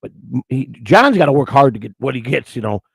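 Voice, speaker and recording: Livestream host, middle-aged man, gravelly and quick, crude storyteller. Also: medium pitch, sing-song, no room sound. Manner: rambling, storytelling, crude and emotional. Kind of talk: casual chat with the live chat.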